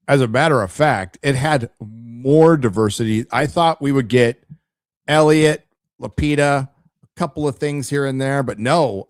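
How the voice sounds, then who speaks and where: A man's voice: mid-range voice, no echo, clean studio sound. Blunt, ranting male livestream host. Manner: blunt, ranting, frequent stammered restarts; addresses chat directly. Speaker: live show host. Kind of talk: casual opinionated livestream commentary.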